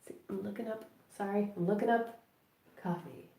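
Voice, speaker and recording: A woman's voice: medium pitch, moderate pace, vocal fry, warm tone. A woman hosting a late-night crafting live stream from home, rambling and chatty and laughing often. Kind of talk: late-night casual chat while crafting. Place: at home indoors.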